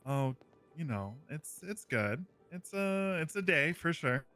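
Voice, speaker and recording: A man in casual in-character role-play chat, laid-back and quiet. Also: on the high side, sing-song, slow, soft background music.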